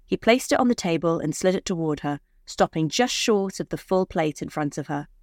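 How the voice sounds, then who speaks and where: A woman telling a short story in scripted, measured narration. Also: low voice, lively intonation, darkish tone, no room sound, clean studio sound.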